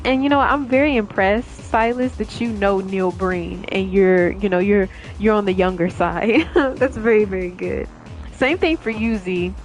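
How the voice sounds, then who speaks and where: A woman's voice: mid-range voice, a little slow, faint music behind. A young woman streamer chatting casually with her viewers, laughing often and rambling with many fillers. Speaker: gaming streamer.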